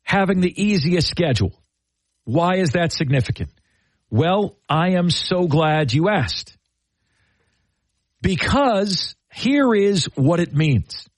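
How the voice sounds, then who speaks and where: A man's voice: high-pitched, sing-song, takes it slowly, pauses often, dry recording. Emphatic male sports radio host. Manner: emphatic, rhetorical questions. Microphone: studio microphone.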